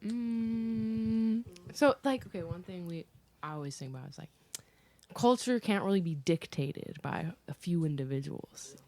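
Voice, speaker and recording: A woman's voice: on the low side, lively intonation, measured pace, mellow. A woman from Chicago speaking as a podcast guest in a basement. She talks it through thoughtfully, filling her sentences with "like". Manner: thoughtful, hedging with "like". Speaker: podcast guest, cannabis media founder. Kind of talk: casual podcast discussion.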